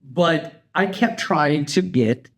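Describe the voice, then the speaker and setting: Chatty man with a slightly high voice. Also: slow pace. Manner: relaxed, chatty, quotes himself with "I'm like". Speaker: podcast co-host. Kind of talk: casual chat.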